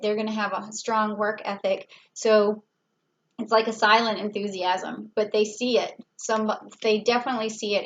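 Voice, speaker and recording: A chatty woman gives a relaxed tarot reading at a middle pitch, thinking out loud as she turns the cards. The sound is slightly dull and lo-fi, with a faint hiss of noise underneath. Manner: chatty, thinks aloud with fillers and little laughs. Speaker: tarot reader.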